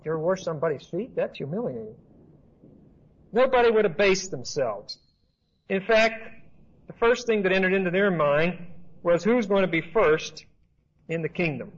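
A high-pitched male Bible teacher talks through a passage emphatically, repeating his points in a conversational manner. His voice is husky and breathy, and the recording sounds dull and lo-fi. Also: expressive, normal speed, pauses often.

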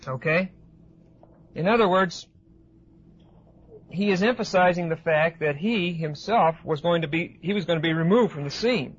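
A man giving an expository Bible lecture to a class, pausing often with fillers and checking in with his listeners. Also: high voice, breathy edge. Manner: hesitant with frequent uh fillers, asks class questions. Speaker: Bible teacher. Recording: dull lo-fi recording.

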